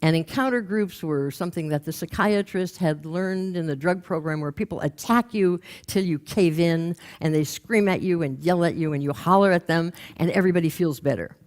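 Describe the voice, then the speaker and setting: An older woman from Los Angeles telling a humorous story in a stage talk, lively and quoting people as she goes. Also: on the low side, moderate pace, hardly any pauses. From Los Angeles, USA. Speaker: speaker. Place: stage before a live audience.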